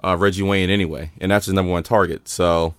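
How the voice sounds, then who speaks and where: Deep-voiced man teasing on a sports podcast. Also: fairly even intonation, fast, clear, resonant tone, dry recording. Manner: dry, teasing. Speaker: podcast co-host. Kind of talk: casual sports podcast chat.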